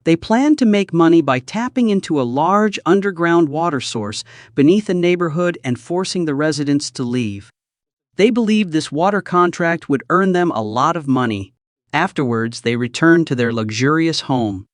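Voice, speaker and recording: Male recap narrator, animated scripted storytelling, close dry read. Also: on the high side, normal speed, dry recording.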